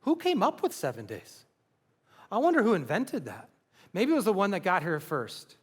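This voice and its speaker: A man's voice: fairly high pitch, in a large hall. A man preaching a sermon as pastor, earnest and building to passionate emphasis. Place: large church hall.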